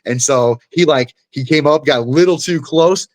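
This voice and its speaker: Profane, animated male fighter telling stories. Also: a little high, normal speed. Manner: animated, profane, acts out blows with sound effects. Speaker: guest fighter. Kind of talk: casual storytelling.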